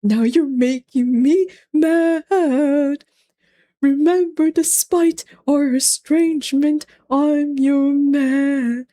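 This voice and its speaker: A woman singing the part of a haughty, possessive male king on a livestream, drawing out her lines slowly. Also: high voice, fairly even intonation, mellow, no echo. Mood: mock tender. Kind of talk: singing show tunes on a livestream.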